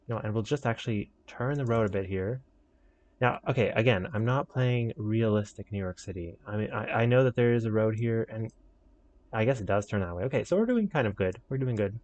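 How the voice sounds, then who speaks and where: A man's voice: on the low side, normal speed, a little mellow. A young man giving casual, rambling commentary while building a city in a game, joking with himself and his viewers. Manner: rambling, self-mocking, talks to viewers. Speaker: streamer.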